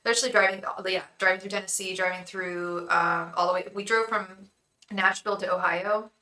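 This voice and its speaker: A woman's voice: medium pitch, steady tone, a little fast, pushed and bright, roomy sound, low-quality recording. A woman reading tarot on a live stream, chatting casually and joking in rambling asides to viewers. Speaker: tarot reader and psychic.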